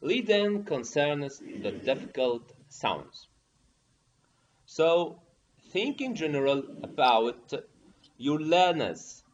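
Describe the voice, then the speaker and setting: Male teacher trainer, slow and animated delivery, muffled lo-fi sound. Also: fairly high pitch, a little hiss or hum. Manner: explains step by step, often checks with "okay?". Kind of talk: online training lesson.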